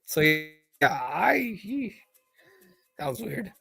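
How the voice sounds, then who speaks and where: A young man chatting casually on a live stream, telling stories with lots of fillers and shouting out quoted lines. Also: high-pitched, sing-song, slow, vocal fry, breathy edge, soft background music. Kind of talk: casual chat. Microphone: live stream call mic.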